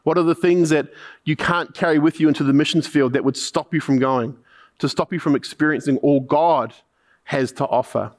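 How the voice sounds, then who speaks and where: A man's voice: a little high, fairly even intonation, normal speed. A man with a New Zealand accent preaching a sermon, telling a mission story with repeated punchlines and then asking the listeners probing questions.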